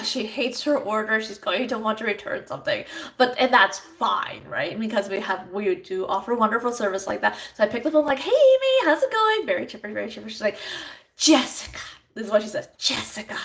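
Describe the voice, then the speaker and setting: A woman in her thirties from Canada, telling a story to camera in a chatty, animated way and acting out both sides of phone calls. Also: fairly high pitch, low-quality recording. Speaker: vlogger, Avon sales representative.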